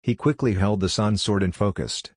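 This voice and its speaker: A man reading a fantasy audiobook as narrator in a steady, even storytelling delivery. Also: lowish voice, moderate pace, dry recording, clean studio sound. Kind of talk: scripted narration.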